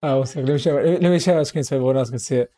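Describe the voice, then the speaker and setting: A man hosting a casual livestream chat, excitable and repetitive, often laughing and calling his friend bro. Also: mid-range voice, rapid-fire. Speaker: livestream host.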